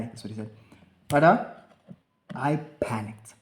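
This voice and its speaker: In an echoey room with slight background noise, a young podcast co-host tells a story in casual conversation at normal speed, leaving long pauses. His voice is mid-range, and he animatedly acts out the lines of himself and others.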